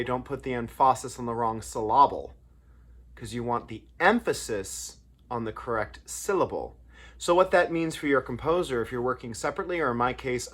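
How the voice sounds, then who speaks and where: Casting note: male songwriter, mid-pitched, casual and anecdotal, loose self-correcting delivery. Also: fairly bright tone. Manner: anecdotal, rambling with restarts and fillers. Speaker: songwriter and lyricist. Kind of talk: casual talk on songwriting craft.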